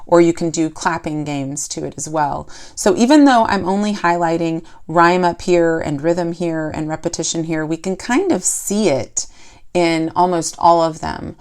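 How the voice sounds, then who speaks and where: A woman's voice: lowish voice, moderate pace, a little mellow, smooth. A woman teaching a poetry lesson for children, explaining step by step and asking the class questions.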